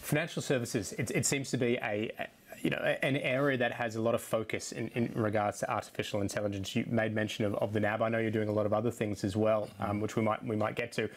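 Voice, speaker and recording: A man's voice: on the low side, little pitch movement. A man, a tech journalist presenting a TV interview and asking questions with frequent restarts and fillers. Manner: halting, many restarts and fillers.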